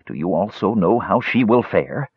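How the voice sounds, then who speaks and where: A man's voice: fairly low pitch, expressive, normal speed, slightly rough, dry recording. A man voicing an anxious, shaken male villager who begs in a raised voice. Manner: pleading. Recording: slightly dull lo-fi audiobook recording.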